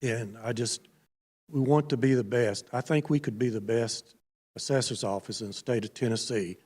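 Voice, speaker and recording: A man's voice: medium pitch, moderate pace, a little mellow, slightly rough. A man speaking earnestly and hopefully during public comment at a committee meeting.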